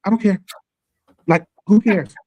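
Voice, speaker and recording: A man co-hosting a casual sports talk stream, slangy and animated, acting out other people's lines as he riffs. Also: high voice, a little slow, lo-fi sound. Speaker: podcast co-host. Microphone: live stream call.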